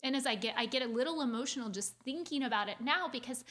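A woman sharing a painful childhood story with her audience in an earnest, confiding way, talking quickly and restarting her phrases as she speaks. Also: high voice, fairly bright tone. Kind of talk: heartfelt personal storytelling.

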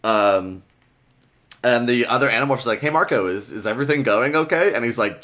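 A man's voice: medium pitch, expressive, a little fast, a bit bright. A man casually recapping a children's book on a podcast, swearing freely and reading passages aloud. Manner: loose and profane, reads excerpts aloud. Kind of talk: casual chat.

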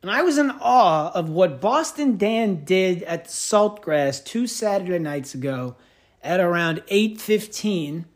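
A man hosting a podcast, telling stories in a rambling, wry, self-mocking way. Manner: rambling, wry, self-mocking storyteller with big pitch swings. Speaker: podcast host. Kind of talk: casual monologue.

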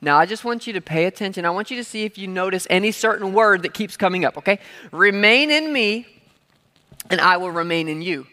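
In a church hall with the long reverb of a big space, a male pastor delivers a sermon in a high, bright, forceful voice with lively intonation and a fairly quick pace. He talks conversationally, tossing in playful asides and everyday examples, and has the crowd repeat key words.

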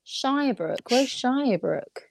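A woman's voice: high-pitched, lively intonation, measured pace, gravelly, dry recording. A woman with an English accent, co-hosting a podcast and arguing her point emphatically. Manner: indignant, emphatic. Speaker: podcast co-host. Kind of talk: casual podcast chat.

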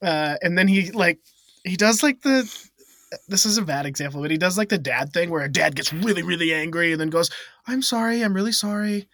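A man's voice: fairly high pitch, fairly quick, no room sound, studio quality. A man co-hosting a casual podcast, telling a funny story with lots of laughter. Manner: animated, laughing often, acts out voices in stories. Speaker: podcast co-host.

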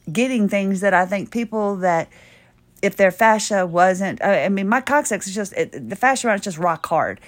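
Chatty woman host losing her voice. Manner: bubbly, chatty and rambling, with sudden high excited bursts. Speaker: podcast host. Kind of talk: casual solo podcast talk.

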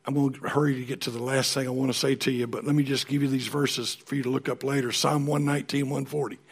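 Gravelly preacher man. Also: mid-range voice, level tone, fast. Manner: folksy, emphatic preaching with sudden soft drops. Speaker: pastor. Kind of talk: sermon.

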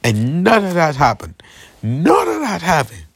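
A young man rants to his audience in a casual vlog, slangy and aggrieved, circling back to the same points. His voice is husky and his pitch jumps all over the place. The sound is dry and close. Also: wildly swooping pitch, unhurried, dry recording. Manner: slangy, repetitive, aggrieved, keeps asking "you feel me". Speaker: vlogger. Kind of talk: casual straight-to-camera rant.

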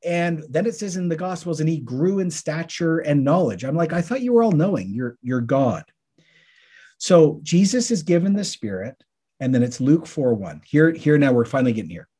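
A man co-hosting a podcast, teaching through Bible passages in a casual, lively way and acting out the questions listeners might ask. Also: on the high side, moderate pace, husky.

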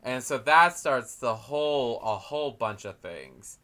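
A man's voice: mid-range voice, animated, a little slow, sharp tone. A man giving a casual, jokey recap of a fantasy campaign, acting out characters in silly voices.

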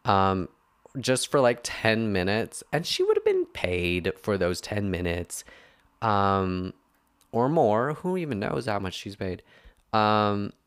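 A man's voice: fairly low pitch, big pitch swings, takes it slowly, clear, resonant tone. A young man hosting a podcast, ranting casually and rambling with many filler words and self-corrections. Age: young adult. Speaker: podcast host.

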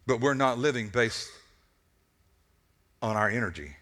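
Forceful, bright-voiced preacher man. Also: medium pitch, a little slow. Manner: animated storytelling with frequent repeated words. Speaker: pastor. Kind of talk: sermon. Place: church service.

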